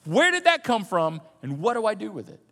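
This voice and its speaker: A man preaching a sermon as pastor, animated, swinging from loud emphasis to soft, low asides. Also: brisk, in a large hall. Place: church sanctuary.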